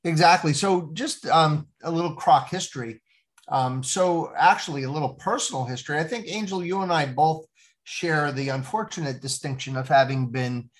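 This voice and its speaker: Podcast host man, chatty with fillers. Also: mid-range voice. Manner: warm conversational, frequent um and uh fillers. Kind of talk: casual podcast chat.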